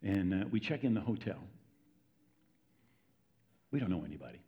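A man's voice: low-pitched, big pitch swings, moderate pace. A man preaching a sermon in a conversational, storytelling way, often checking in with his listeners. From United States. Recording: dull lo-fi recording.

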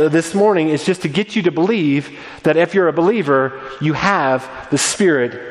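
A man giving a sermon as pastor, earnest and animated, often restarting his words. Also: on the high side. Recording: long reverb of a large room.

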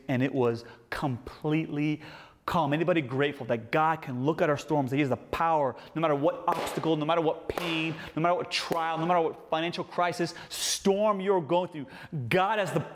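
Man, pastor, lively sermon with jokes on the side, high voice, long hall reverb. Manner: animated preaching with playful asides.

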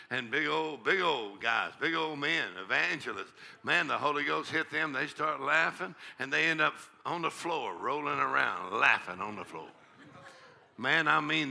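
A man's voice: fairly high pitch, creaky, pushed and bright. A male pastor with a drawl preaching a charismatic sermon in a church, laughing and whooping often. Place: church sanctuary with congregation.

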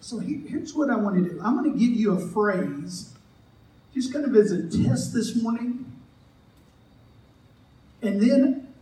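A man's voice: sits high, expressive, unhurried, pauses often, warm tone, recorded from a distance, slight background noise. A man preaching as a pastor, in a joking, conversational way, acting out the voices of the people he quotes. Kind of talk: sermon. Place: church sanctuary. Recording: echoey church hall, mic from afar.

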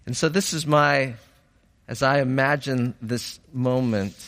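A male pastor delivers a sermon at an unhurried pace, pausing between phrases. He is reflective, then builds to fervent emphasis. His voice carries a long reverb, as if in a large hall. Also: medium pitch, fairly even intonation, fairly bright tone.

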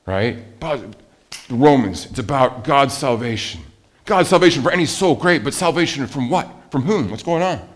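Animated male preacher. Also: medium pitch, moderate pace. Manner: animated, swinging from loud emphasis to quiet asides, rhetorical questions. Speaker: pastor. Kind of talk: sermon.

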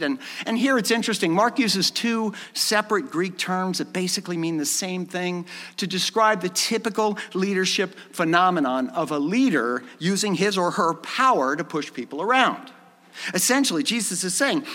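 A male pastor preaching with animated storytelling. His voice sits high and swoops widely as he acts out the dialogue. A long reverb from the hall follows his words. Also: brisk. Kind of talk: sermon.

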